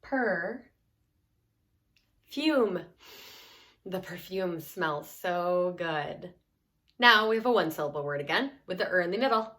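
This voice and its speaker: A woman teaching a children's phonics lesson, sounding out words clearly and cheering the learner on. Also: lowish voice, moderate pace, sharp tone.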